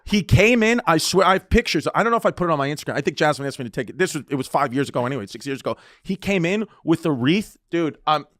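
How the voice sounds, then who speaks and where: Animated storytelling man, often laughing. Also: a little high, fast talker, few pauses, dry recording, clean studio sound. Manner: animated, laughing often, acts out quoted voices. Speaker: comedian telling a story. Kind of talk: casual podcast storytelling.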